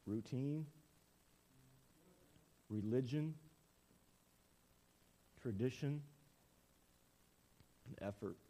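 A man's voice: mid-range voice, very slow, long pauses. A male pastor in his forties preaching a storytelling sermon in a church, acting out quotes as he goes. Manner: animated storytelling, acts out quotes.

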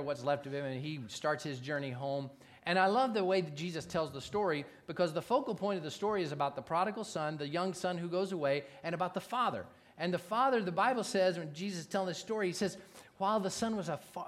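A man preaching a sermon in a relaxed, conversational way, with jokes and frequent asides to the congregation. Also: sits high. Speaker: pastor.

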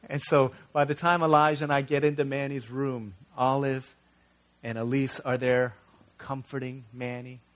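A male pastor preaches in an earnest, conversational storytelling manner. His voice sits at an ordinary middle pitch, and he shifts easily between lively family anecdotes and quieter, serious points. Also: normal speed. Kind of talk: sermon.

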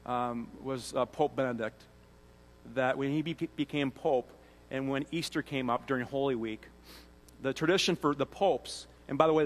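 A man giving a sermon as a pastor, earnest and conversational, often restarting phrases. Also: mid-range voice. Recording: long hall reverb.

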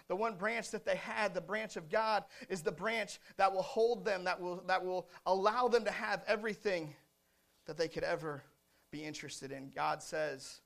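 A man delivers a sermon in a high-pitched voice. He leans on rhythmic, repeated refrains, pushing some lines loud and dropping others to a near hush. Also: vocal fry. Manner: preaching with dramatic swings from loud to hushed. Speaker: pastor.

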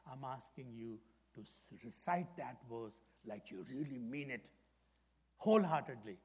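An older man preaching a sermon as pastor, dramatic and storytelling, dropping from loud emphasis to hushed whispers. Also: medium pitch, measured pace, slightly rough. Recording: long echoing hall reverb.

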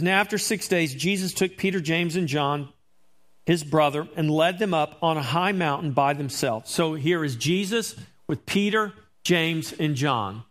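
A man's voice: on the high side, a bit bright. A man preaching a sermon as pastor, reading scripture and explaining it emphatically, with rhetorical questions to his congregation.

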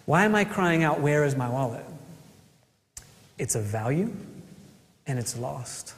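A man preaching a sermon as a pastor, earnest, asking rhetorical questions and pausing for effect. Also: a little high, big-room sound.

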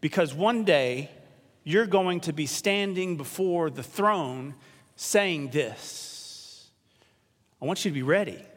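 A male pastor preaching a sermon in a church. He leads the congregation in call and response and drops to a hush on key words. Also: fairly high pitch, lively intonation, slow pace. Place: church sanctuary. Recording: long reverb of a large church.

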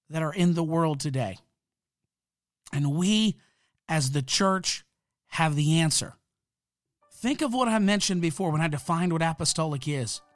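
Leaning on the high side in pitch, the man hosting this podcast sounds like a fired-up preacher as he pushes through an emphatic monologue on a close mic, recorded dry.

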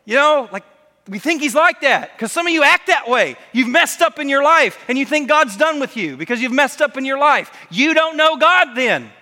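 A man preaching a sermon in a church, in an animated way, acting out voices when he quotes people. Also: extremely high pitch, moderate pace, big-room sound. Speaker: pastor. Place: church sanctuary.

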